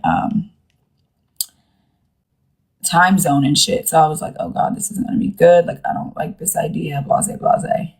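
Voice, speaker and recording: Low-voiced girl on a phone live, rambling slangy storytime, doing everybody's voices. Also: a little mellow, breathy edge. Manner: chatty and rambling, slangy, acts out quoted voices. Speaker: live streamer. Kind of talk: casual storytelling to a live-stream audience.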